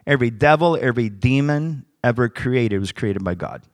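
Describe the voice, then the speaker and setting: A man's voice: medium pitch, lively intonation, moderate pace, dry recording, studio quality. A man, a pastor, preaching by telling a story and acting out the dialogue as he goes. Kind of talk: sermon storytelling.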